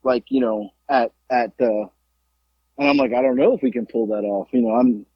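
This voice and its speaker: A man co-hosting a podcast, telling a wrestling story in casual chat, animated and profane, rambling with lots of fillers. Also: medium pitch, moderate pace, breathy edge, no echo, highs cut off. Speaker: podcast co-host, former wrestler.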